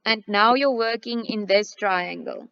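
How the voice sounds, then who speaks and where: A woman's voice: medium pitch, a little slow, gravelly, a bit bright, clear, resonant tone. A woman with a South African accent, teaching a maths class and going over a test step by step, moving between English and Afrikaans. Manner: switches between English and Afrikaans while explaining; patient, step-by-step explaining. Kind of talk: classroom test review lesson. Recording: slightly dull, lo-fi recording.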